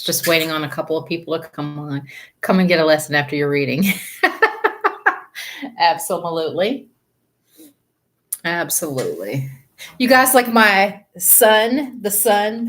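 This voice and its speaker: A woman's voice: on the low side, fairly bright tone, a little hiss or hum. Chatty woman hosting a tarot live stream. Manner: chatty, greets viewers by name, laughs often. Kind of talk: casual live-stream chat with viewers.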